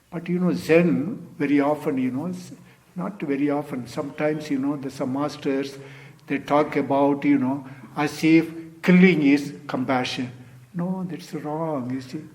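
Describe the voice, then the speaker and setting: An older man teaching as a Zen teacher in a dharma talk, speaking unhurried non-native English with simple grammar and frequent "you see" tags. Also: mid-range voice, a little mellow.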